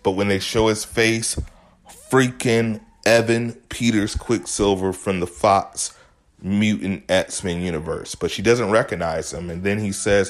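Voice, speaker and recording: Male host, low-pitched, enthusiastic casual recap commentary. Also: steady tone, a little slow. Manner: enthusiastic, chatty, retells scenes with quoted lines. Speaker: show host recapping an episode.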